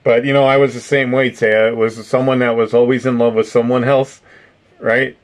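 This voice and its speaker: A man's voice: medium pitch, level tone, moderate pace. A middle-aged man hosting a live stream, chatting casually with viewers, rambling, swearing and laughing often. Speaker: streamer host reading chat.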